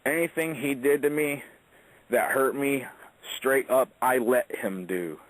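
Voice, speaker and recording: Profane wrestler telling a ring story. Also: male voice, medium pitch, a little slow, no room sound, poor audio. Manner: profane, animated storytelling with acted quotes. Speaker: wrestler, interview guest. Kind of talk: casual storytelling interview.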